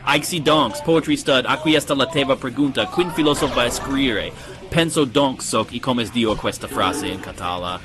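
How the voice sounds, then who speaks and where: A man's voice: medium pitch, brisk, natural voice. A synthetic male voice playing a snide, pompous AI poet chatbot that recites verse and scoffs sarcastically, with game music behind. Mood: sardonic. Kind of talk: synthetic chatbot voice reading viewer prompts.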